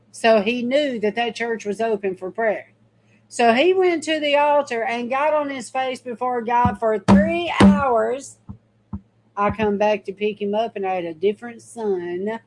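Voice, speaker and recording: A middle-aged woman telling a personal faith story to her viewers, with a voice pitched a little high. She talks in a folksy, emphatic way and speaks straight to her audience. She sounds casual and heartfelt. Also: darkish tone, low-quality recording. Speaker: mother giving a faith testimony.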